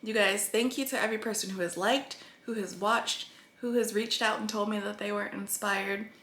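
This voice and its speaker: A woman vlogger discusses her weight-loss progress with her viewers in a roomy-sounding space, her mid-range voice fairly bright and even, at a moderate pace. She rambles earnestly and at times grows tearful.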